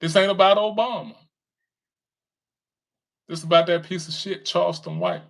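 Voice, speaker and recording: A man with a high voice, steady in tone and moderate in pace, streams commentary while reading viewer comments. Casual and mocking, he taunts the audience and laughs often.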